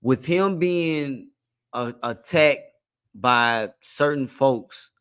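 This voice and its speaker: A man in casual commentary, explaining in a measured way. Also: medium pitch, expressive, fairly bright tone, clean tone.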